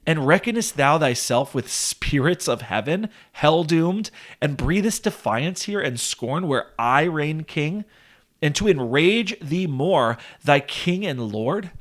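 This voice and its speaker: A man's voice: fairly high pitch, lively intonation, slow, pitched above the performer's own voice. A man reading as Death, a wrathful monster. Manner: declaiming old verse, threatening.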